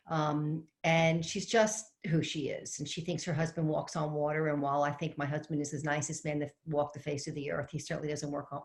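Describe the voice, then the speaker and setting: A middle-aged woman speaking from home on a video-call webinar as an organizing coach. She tells a chatty story and asks the audience questions. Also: low voice. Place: home with fresh flowers behind her.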